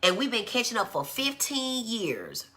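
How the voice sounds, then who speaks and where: A woman giving a conversational live-streamed educational talk. She acts out quoted speech in a high voice. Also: huge pitch swings, unhurried, sharp tone. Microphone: phone.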